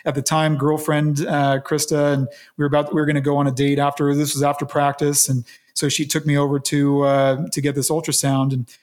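A man being interviewed, recounting a personal story in an earnest, reflective way with halting restarts. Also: a little high, monotone, darkish tone. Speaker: interview guest.

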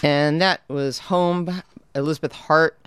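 A man's voice: fairly high pitch, steady tone, a little slow, fairly bright tone, clean tone, faint music behind. A man hosting a casual radio show in a studio, rambling and correcting himself as he talks. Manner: rambling, self-correcting, chatty. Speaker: radio DJ and host.

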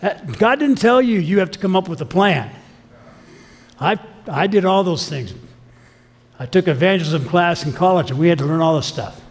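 Man, pastor, sermon, emphatic storytelling, lively rising and falling pitch, slightly high voice. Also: moderate pace. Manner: storytelling with acted-out quotes, emphatic. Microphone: filmed sermon.

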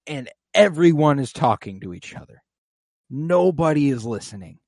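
A man co-hosting a casual podcast, recapping a TV episode and acting out lines with animated, profane commentary. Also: on the high side, normal speed, dry recording, clean studio sound. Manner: animated, swearing, acts out quoted lines. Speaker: podcast co-host.

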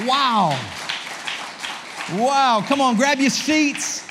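High-voiced, lively American preacher man. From United States. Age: 40s. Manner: energetic and joking, with exclamations. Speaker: guest pastor. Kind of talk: sermon. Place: church service.

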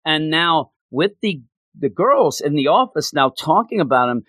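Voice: medium pitch, animated, moderate pace, a bit bright, no echo. A podcast host chatting casually about an anime episode, retelling scenes with laughter and acting out the characters' lines. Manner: laughs often while talking. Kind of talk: casual chat.

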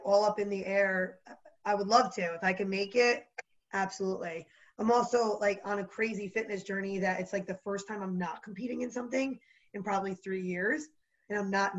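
A woman with a New Jersey accent chatting as a podcast guest, bubbly and animated, full of "like" fillers. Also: mid-range voice, fairly quick, dull audio. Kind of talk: casual chat.

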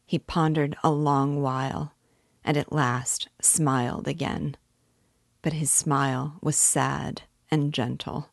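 A woman reads a classic novel aloud at a slow, measured pace, her voice low and even. The sound is dry and close, with no echo. She reads as a teacher guiding listeners through the book. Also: creaky. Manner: measured, careful. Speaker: reader and literature teacher. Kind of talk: audiobook reading of a classic novel.

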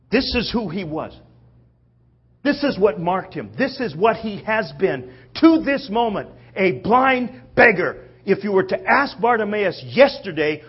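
A man's voice: high-pitched, unhurried, breathy edge, dull audio. A man preacher delivering a sermon, telling the story vividly and checking in with listeners. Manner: animated storytelling, acts out quotes, checks in with listeners.

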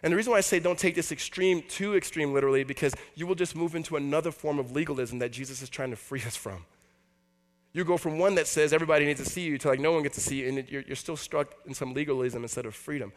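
A man's voice: fairly high pitch, fast. A man, a pastor, preaching a conversational sermon to a church congregation and acting out the voices he quotes. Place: church hall before a congregation.

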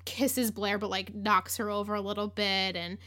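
A woman's voice: mid-range voice, little pitch movement, moderate pace, sharp tone. A woman hosting a podcast, recapping an episode in casual chat, with lots of "like", acted-out quotes and laughter. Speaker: podcast host.

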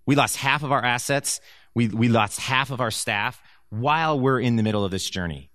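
Animated man telling a church testimony. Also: medium pitch, normal speed, dry recording, clean studio sound. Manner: animated storyteller who acts out quoted speech. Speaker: church speaker sharing a testimony. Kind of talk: personal testimony storytelling to an audience.

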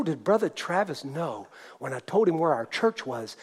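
A man preaching a sermon, telling a testimony story in an earnest way that swings from hushed to loud. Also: on the high side, very animated, moderate pace, slightly rough.

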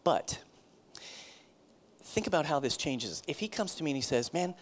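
Animated man preaching a sermon. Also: on the high side, fast. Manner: conversational, animated preaching with repetitions. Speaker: pastor.

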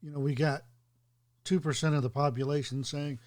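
A man co-hosting a casual podcast, stating firm opinions with emphatic pauses. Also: on the high side, steady tone, darkish tone. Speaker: podcast co-host. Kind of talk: casual chat.

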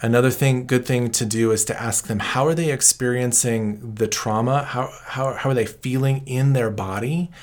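Calm, explanatory man giving counsel. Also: medium pitch, normal speed, hardly any pauses. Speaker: trauma counselor guest. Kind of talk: interview answers.

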